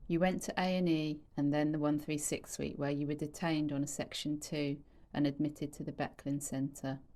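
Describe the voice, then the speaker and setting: A woman interviewer with a notably low voice delivers scripted prompts. Her manner is measured and formal, reading each question plainly. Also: a little mellow.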